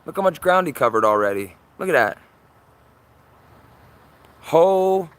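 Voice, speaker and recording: Excitable man livestreaming from his yard. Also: mid-range voice, fast talker. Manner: excitable, repeats himself, urgent. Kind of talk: live sky-watching commentary.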